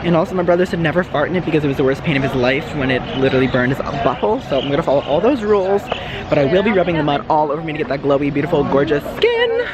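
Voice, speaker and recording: A woman's voice: low-pitched, big pitch swings, very fast, a crowd in the background. A young woman vlogging a desert trip in a bubbly, joking, slangy way, talking into a handheld camera outdoors. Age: young adult. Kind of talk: casual travel vlog.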